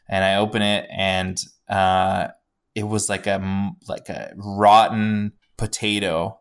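A man's voice: deep voice, little pitch movement, slow pace, clean tone. A man co-hosting a podcast, telling a rambling story in casual chat and swearing freely. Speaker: podcast co-host.

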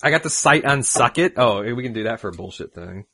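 A man's voice: mid-range voice, expressive, fairly quick, sharp tone, dry recording, studio quality. A man co-hosting a podcast, joking around in loose, slightly tipsy banter. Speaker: podcast co-host.

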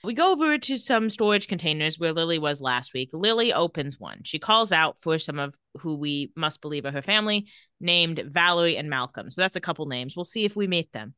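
A woman with a bright, sharp voice and a slightly low pitch, recording close to a dry mic with no room sound. She co-hosts a casual recap chat, retelling scenes quickly and reading out the characters' dialogue in an even voice. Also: clean tone, no room sound. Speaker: podcast co-host.

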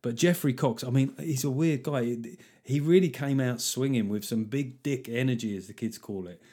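A man's voice: mid-range voice, moderate pace, darkish tone, breathy edge. Sweary sardonic male podcast host. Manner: sweary, sardonic riffing with mock voices. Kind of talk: solo comedic podcast monologue.

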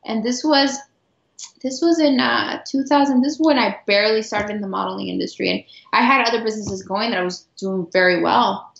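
A middle-aged woman guest telling a personal story earnestly, with halting restarts and repeated words. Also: medium pitch, gravelly, fairly bright tone. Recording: roomy, dull lo-fi sound.

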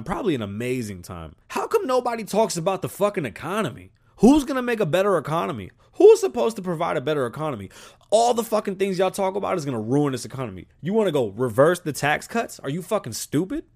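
Man, podcast host, heated profane rant, mixes English and Spanish, fairly high voice. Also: very animated, quick pace, darkish tone.

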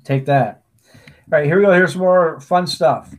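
Chatty man with a slightly high voice. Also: normal speed. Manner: chatty storyteller, many restarts and asides. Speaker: podcast co-host. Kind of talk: casual chat.

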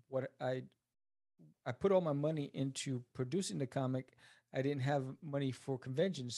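Animated New man telling stories. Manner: animated, acts out quoted people in a higher voice. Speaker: interview guest, comic creator. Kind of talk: casual storytelling interview.

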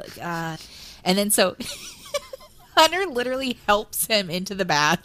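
A woman's voice: medium pitch, wildly swooping pitch, moderate pace, fairly bright tone, a little hiss or hum. A woman co-hosting a book podcast in casual chat, laughing often and reading quotes aloud. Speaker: podcast co-host.

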